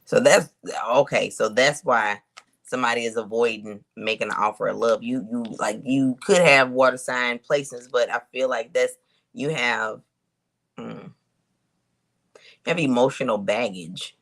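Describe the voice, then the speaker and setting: A woman giving a casual spiritual reading to her viewers, thinking aloud with drawn-out hums and pauses and talking to them in a colloquial, direct way. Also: very deep voice, creaky, a bit bright. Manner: colloquial, addresses viewers as y'all. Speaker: intuitive reader.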